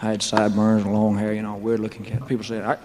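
A man's voice: fairly low pitch, monotone, fast talker, a little mellow. A man telling his career story on a live stage, rambling with mumbled asides, wisecracks and chuckles. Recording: live hall with faint crowd ambience.

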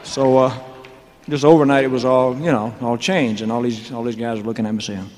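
A man in his thirties holds forth from a stage in a loose, joking ramble, his mid-pitched voice carrying a long hall echo. He is a singer telling his own story, peppering every line with "man" and "you know". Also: fairly even intonation, a little fast, darkish tone, slight background noise.

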